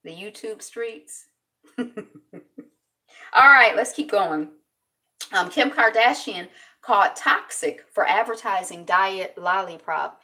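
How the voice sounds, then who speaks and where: A woman's voice: mid-range voice, slow, pauses often, pushed and bright, recorded from a distance. A woman vlogger chatting casually through news items, rambling and thinking aloud.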